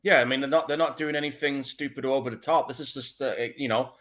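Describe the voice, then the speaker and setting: A man co-hosting a live movie commentary podcast, agreeable, casual and expressive. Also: medium pitch, fast talker. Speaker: podcast co-host.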